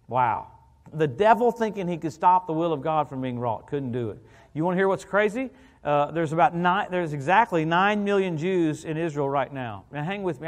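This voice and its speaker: Man preaching, high voice, middle-aged, animated, joking, calls out hallelujah. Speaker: guest preacher. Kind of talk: evangelical sermon.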